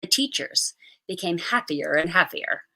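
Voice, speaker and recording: A woman reading a short story aloud with an expressive, animated delivery. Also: lowish voice, unhurried, gravelly. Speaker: reader.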